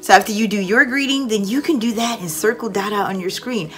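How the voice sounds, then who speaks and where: A young woman mentoring online English teachers in a casual, lively way, acting out a cheerful classroom voice at times. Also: mid-range voice, brisk, soft background music. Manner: lively, demonstrates with exaggerated teacher voice. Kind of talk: casual instructional talk.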